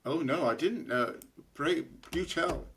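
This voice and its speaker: A man's voice: fairly high pitch, unhurried, a bit bright. A British man co-hosting a podcast, speaking in a dry, wry way and chuckling as he talks. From United Kingdom. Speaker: podcast co-host. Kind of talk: casual political comedy chat.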